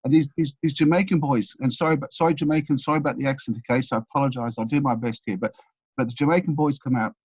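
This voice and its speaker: An English-born man in his sixties talks quickly and rambles through life stories, restarting his sentences and repeating words. His voice sits at an ordinary pitch for a man. The recording sounds dull and dry, with the lo-fi quality of a home setup. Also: steady tone, a little mellow, breathy edge, no echo. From England. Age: 60s. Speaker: podcast guest. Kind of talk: casual storytelling interview.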